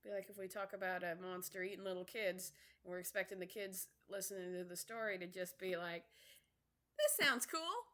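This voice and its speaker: A woman's voice: on the low side, flat delivery, a little fast, few pauses. A woman teacher reading a classic storybook aloud and chatting casually between passages to explain the words.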